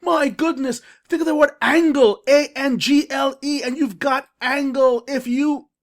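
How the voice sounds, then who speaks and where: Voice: sits high, fairly even intonation. An eager reading coach drawing out syllables. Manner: enthusiastic, emphatic, stretches out syllables slowly; coaxing, asks listeners direct questions. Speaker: reading coach teaching parents. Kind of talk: screen-share phonics lesson for parents.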